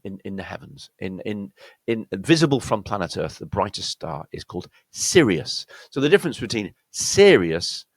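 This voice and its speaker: Lively, gravelly British accent coach. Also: male voice, deep voice, no echo. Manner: slow, exaggerated demonstrations of words. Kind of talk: pronunciation lesson.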